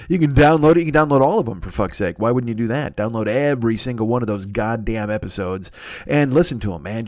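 A man's voice: lowish voice, a little mellow, no echo, clean studio sound. A man hosting a podcast who delivers a profane, mocking comedic rant about the sponsors and slang. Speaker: podcast host.

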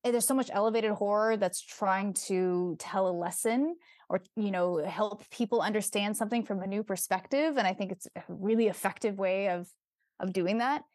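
Young actress guest, chatty and upbeat with many restarts, dry close-miked sound. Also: female voice, mid-range voice, normal speed, darkish tone, no room sound. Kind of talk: casual interview chat.

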